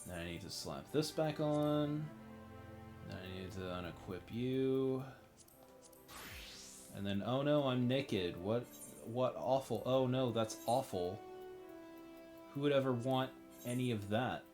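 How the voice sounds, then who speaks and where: A man's voice: medium pitch, takes it slowly, long pauses. Crude, joking man streaming a game. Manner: crude, joking, talks to himself and the characters. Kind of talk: casual gameplay commentary. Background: faint game music.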